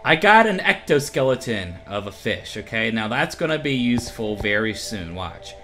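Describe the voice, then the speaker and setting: A man's voice: mid-range voice, sing-song, moderate pace, bright, forceful tone, soft background music. A man co-hosting a horror game playthrough, easygoing and laughing often at his partner's jokes. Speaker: co-host playing a horror game. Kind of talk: gaming commentary.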